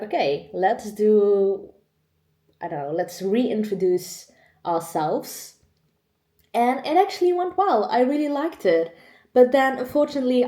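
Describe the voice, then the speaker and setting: A woman's voice: medium pitch, dark tone, reverberant. A woman in her twenties opening up in a candid vlog, chatty and emotional, close to tears at times. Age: 20s. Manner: emotional, chatty, laughs often. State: choked up, on the edge of tears. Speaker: vlogger. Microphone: camera mic.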